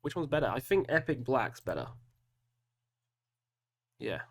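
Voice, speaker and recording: A man's voice: medium pitch, big pitch swings, unhurried. A man hosting a casual solo video, talking through music matchups and groaning over hard choices with self-mocking asides. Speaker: metal reaction host. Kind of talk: casual solo commentary while picking albums.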